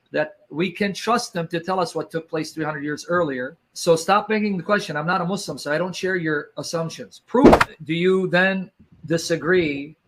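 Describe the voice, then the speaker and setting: A man's voice: fairly high pitch, fairly bright tone. A man hosting a heated debate, pressing his opponent with repeated demands for proof. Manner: insistent, cross-examining, repeats demands. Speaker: debate host.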